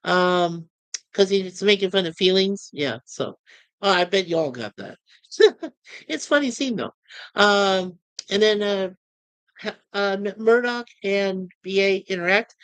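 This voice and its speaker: Woman reviewer, chatty and rambling, medium pitch, dry recording. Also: unhurried, no echo. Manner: chatty, rambling with fillers and asides. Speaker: TV episode reviewer. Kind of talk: casual spoken review.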